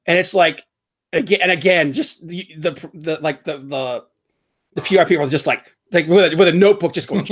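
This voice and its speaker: A man with a slightly high-pitched voice chats casually about movies and celebrities on a podcast. He rambles, restarts his sentences and laughs as he mocks what he describes. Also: normal speed. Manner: rambling, animated, laughs while mocking. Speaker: podcast host. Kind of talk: casual pop-culture chat.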